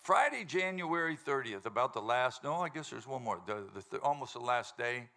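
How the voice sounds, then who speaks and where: A man hosts a live music show, joking and rambling with a laughing crowd from the stage and laughing often himself; he is the show's host and the band's singer. His medium-pitched voice has big pitch swings, a moderate pace, vocal fry, and a bright, forceful tone.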